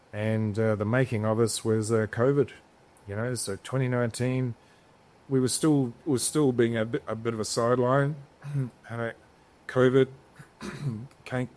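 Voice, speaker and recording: A man's voice: medium pitch, a little mellow. A man as a podcast guest, telling stories in a rambling, casual way, swearing freely and restarting his sentences. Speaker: podcast guest, business founder. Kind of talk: casual storytelling interview.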